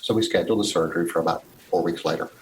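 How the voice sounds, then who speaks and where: Lively storytelling man in his sixties. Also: deep voice, racing, a little hiss or hum, low-quality recording. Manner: animated storyteller who acts out past conversations. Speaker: guest. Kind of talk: casual storytelling interview.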